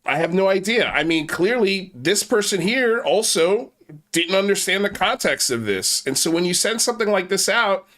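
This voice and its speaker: A man's voice: high voice, lively intonation, normal speed, bright, forceful tone. A man hosting a casual commentary stream, mocking and profane as he talks. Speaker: host.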